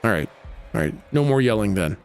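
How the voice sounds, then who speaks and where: A man running a tabletop game as game master over a voice call, narrating casually with many pauses and fillers and laughing often. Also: mid-range voice, gravelly, soft background music. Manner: relaxed narration with many ums, laughs easily.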